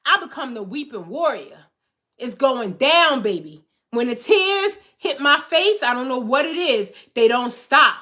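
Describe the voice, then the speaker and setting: Middle-aged woman, motivational host, high bright voice, emphatic and preachy. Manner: emphatic, preachy, repeats phrases for rhythm. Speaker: host, life coach. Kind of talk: motivational talk to viewers.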